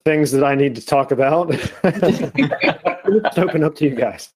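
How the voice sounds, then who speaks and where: A man's voice: fairly high pitch, animated, measured pace, darkish tone. A man talking as a guest on a webcast, telling a story about himself with laughter. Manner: chatty storyteller, self-mocking, laughs while talking. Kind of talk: casual webcast banter.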